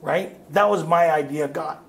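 A man's voice: on the high side, normal speed, slight background noise. A man speaking to a recovery workshop group, blunt and streetwise, telling his story and laughing at himself. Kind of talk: candid storytelling talk to a group. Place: retreat meeting room.

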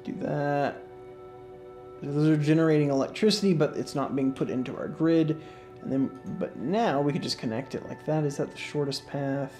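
Sleepy, mellow-voiced man explaining his game. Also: fairly high pitch, moderate pace. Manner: relaxed, rambling, many fillers and restarts. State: sleepy, yawning. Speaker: gaming channel host. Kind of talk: casual let's-play commentary. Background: faint game music.

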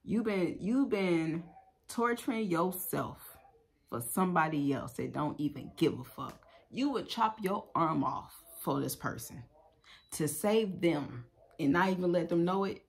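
A woman's voice: on the low side, expressive, measured pace, vocal fry. A woman giving a casual tarot reading, talking bluntly and profanely in a loose, chatty way. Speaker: tarot reader.

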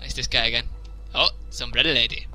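A man's voice: medium pitch, fairly even intonation, fast, soft background music. Jokey young Englishman narrating gameplay. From England. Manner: jokey, laughs often, reacts loudly. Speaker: let's play commentator. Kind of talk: casual gameplay commentary.

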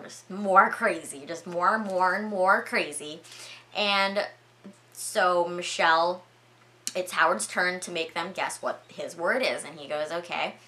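Chatty young woman with a bright voice. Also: on the low side. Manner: chatty, lots of filler words, excitable. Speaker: vlogger. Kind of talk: casual movie recap.

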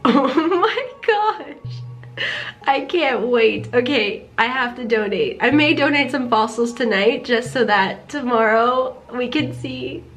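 High-voiced excitable woman gamer. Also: slow pace, faint music behind. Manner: excitable, gasping and giggling in delight. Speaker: game streamer. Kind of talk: casual gameplay commentary.

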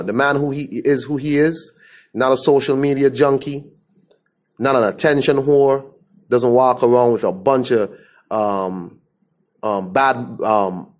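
A man's voice: medium pitch, measured pace. A man from the Caribbean giving a blunt, scornful opinion rant to camera. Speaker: commentator.

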